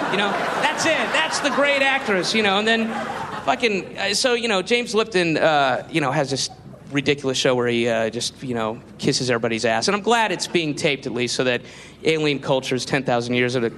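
A man's voice: fairly high pitch, expressive, fairly quick. A man telling a rambling, profane stand-up story to an audience, full of fillers. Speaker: stand-up comedian. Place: comedy stage before an audience. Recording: live club, loud crowd and noise.

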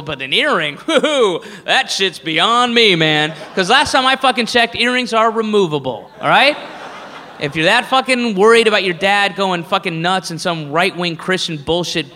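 A male stand-up comedian ranting in an incredulous, mocking, profane way, shouting at the peaks, live at a comedy venue. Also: sits high. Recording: live in a reverberant hall with audience.

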